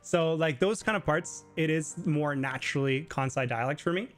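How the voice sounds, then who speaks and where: A man's voice: a little high, moderate pace, soft background music. A man hosting a casual live Q&A stream, explaining Japanese in a chatty way full of filler words. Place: living in Japan.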